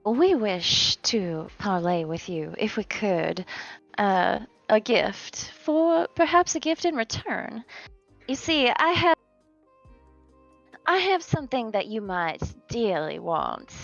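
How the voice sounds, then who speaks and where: A woman's voice: medium pitch, expressive, takes it slowly, vocal fry, faint music behind. A woman voicing a poised, scheming noblewoman who speaks formally and politely in a tabletop game. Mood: courtly. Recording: slightly dull, dry sound.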